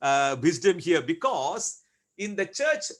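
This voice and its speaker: A man preaching a sermon as pastor, asking rhetorical questions and repeating key words with slow, deliberate emphasis. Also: a little high, big pitch swings, a bit bright.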